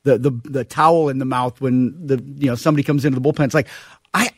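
A man's voice: medium pitch, fairly even intonation, fast, no echo, clean studio sound. A man co-hosting a talk radio show, joking loosely and reading news headlines. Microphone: studio microphone.

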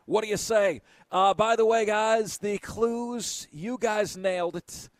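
High, lively male radio host. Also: takes it slowly, no room sound. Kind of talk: lively on-location radio chat.

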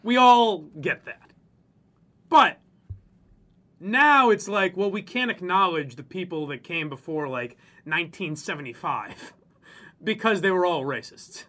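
A man with a high, bright voice that swoops up and down as he rants. He swears freely and slips into mocking voices to make his point in a loose, casual chat. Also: lively intonation, measured pace. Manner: profane, ranting, mocks people in exaggerated voices. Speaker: podcast co-host.

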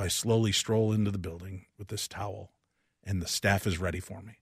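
A man with a low, husky voice tells a personal story on talk radio, lively and full of acted-out dialogue. The sound is dry and close, with no room around it. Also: fairly quick, no echo. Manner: animated, acts out the dialogue of each person. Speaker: radio guest host.

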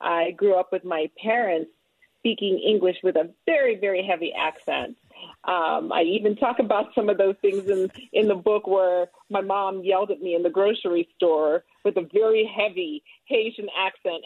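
A woman's voice: medium pitch, moderate pace, no room sound. A woman guest being interviewed, telling her story in an earnest, emphatic way. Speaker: guest, author and former politician. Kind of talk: conversational interview. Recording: tinny phone line.

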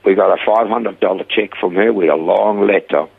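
A man's voice: on the low side, brisk, vocal fry, slightly rough. An older man, a guest founder of a rehab centre, telling stories in an interview and acting out the voices in them. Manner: animated retelling with voiced quotes. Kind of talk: storytelling interview. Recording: tinny phone-line sound.

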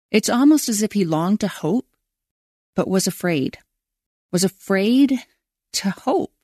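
A woman's voice: mid-range voice, lively intonation, a little slow, a little mellow, dry recording, studio quality. A woman hosting a podcast, reading a devotional and a prayer in an earnest voice that draws out key words. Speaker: podcast host.

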